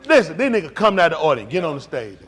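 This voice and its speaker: A male preacher with a fairly high pitch moves at a quick pace through a live-streamed sermon. His emphatic, conversational delivery draws responses from the congregation, and he stays animated, alternating quiet and loud moments.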